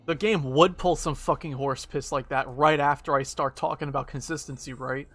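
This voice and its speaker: A man's voice: fairly high pitch, fairly even intonation, normal speed, fairly bright tone. A man streaming a game, chatting casually, swearing and putting himself down as he plays. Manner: self-deprecating, swears a lot, frustrated outbursts. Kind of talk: casual gameplay commentary.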